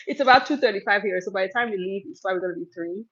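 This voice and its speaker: A woman's voice: medium pitch, racing, a bit bright, highs cut off. Chatty woman hosting a livestream Q&A. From Cameroon. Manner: chatty, laughs often, reads out viewer comments. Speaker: livestream host. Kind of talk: casual live Q&A chat.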